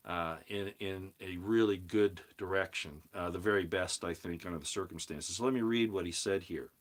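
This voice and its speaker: This host of a live commentary stream has a voice that sits low with a bit of brightness. In his casual, rambling monologue he reads viewer comments, frequently repeats and restarts words, and leans into his points with rising emphasis.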